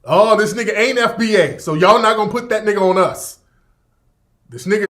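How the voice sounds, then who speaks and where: A man's voice: high-pitched, fairly quick, a bit bright. A man in a casual livestream rant, emphatic and profane, repeating his points over and over. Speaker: livestream commentator.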